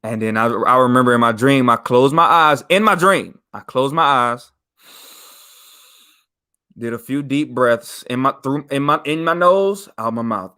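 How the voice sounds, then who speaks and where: A young man telling a ghost story on a podcast, in a relaxed and slangy way. His voice sits at an ordinary middle pitch and climbs sharply when he gets worked up. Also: normal speed. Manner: animated, slangy, rises in pitch and volume for emphasis. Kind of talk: casual storytelling.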